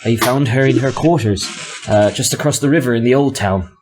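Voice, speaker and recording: A man's voice: mid-range voice, brisk, darkish tone, soft background music, close to an everyday voice. A man putting on a terrified West Country servant. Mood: fearful. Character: terrified male peasant servant, hushed.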